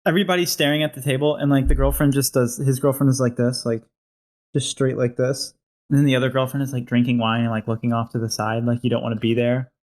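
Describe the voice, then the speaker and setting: A man's voice: mid-range voice, level tone, fast talker, a little mellow. A man co-hosting a comedy podcast, chatting easily about a sketch he is writing. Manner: easygoing, laughs often. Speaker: podcast co-host and sketch writer.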